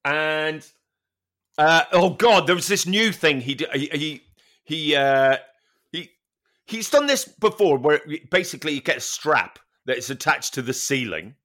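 A man on a podcast, serving as co-host, speaks on the high side and a bit slowly. In a loose, chatty way he relates a story, cursing freely and laughing frequently with lively energy.

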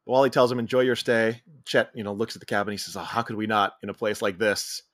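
A man's voice: on the low side, steady tone, fast, fairly bright tone, no echo. A man co-hosting a podcast, casually retelling a film's scenes and quoting its lines. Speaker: podcast co-host. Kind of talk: casual movie recap chat.

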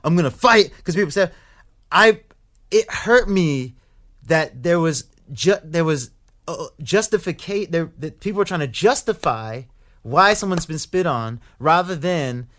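A young man, a guest in a casual interview, telling a story in an animated way that gets loud when he acts out anger. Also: on the high side, unhurried.

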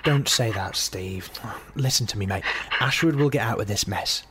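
An actor playing a radio phone-in host who soothes and placates upset callers. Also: male voice, fairly low pitch, moderate pace, fairly bright tone, a little hiss or hum, close to an everyday voice. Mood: soothing.

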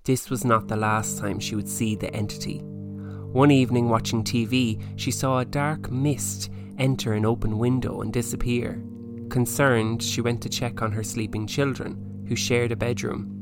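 A man's voice: medium pitch, fairly even intonation, moderate pace, hardly any pauses. Guy telling a creepy story on a podcast, jokey bits in between, music playing under him. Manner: playful, jokey asides. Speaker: podcast co-host. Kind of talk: storytelling narration with banter.

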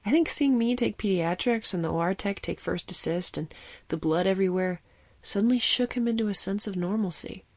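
A woman giving steady, vivid scripted narration of a fiction story. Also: mid-range voice, a little fast, dry recording.

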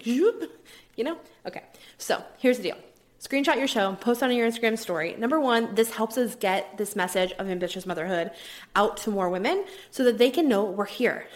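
Upbeat chatty woman podcast host. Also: medium pitch. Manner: chatty, upbeat, many "like" fillers, drops into whispers at times. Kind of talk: casual solo podcast talk.

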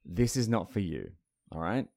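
A man's voice: low voice, animated, normal speed, a little mellow. A man co-hosting a podcast in casual chat, teasing and sardonic, who also reads news stories aloud. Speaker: podcast co-host.

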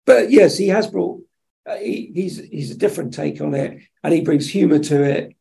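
A man, a television executive, telling lively anecdotes in an interview and acting out the dialogue. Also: fairly high pitch, moderate pace, vocal fry. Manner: animated storyteller acting out dialogue. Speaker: television executive, podcast guest.

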